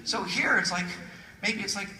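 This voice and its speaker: His voice sits high and his pace is moderate as this keynote speaker jokes his way through a motivational talk, acting out small voices. It was recorded by a phone far back in a large, echoing conference hall, with crowd noise and laughter throughout.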